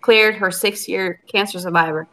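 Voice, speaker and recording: Woman guest, video call, casual and emotional, mid pitch. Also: steady tone, moderate pace, bright, forceful tone. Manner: chatty, emotional, goofy. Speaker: guest cooking channel host. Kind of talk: casual live-stream chat.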